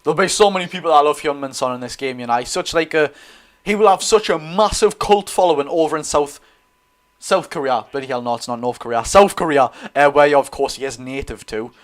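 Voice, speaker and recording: A young man with a Geordie accent hosting a live football watch-along, chatty and excitable, reading viewer comments aloud. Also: on the high side, brisk. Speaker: streamer and host.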